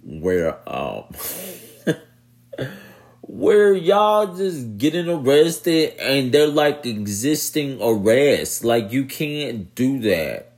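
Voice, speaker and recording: A man talking straight to his audience in casual commentary, animated, laughing and repeating himself. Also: mid-range voice, drawn-out words. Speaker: vlogger.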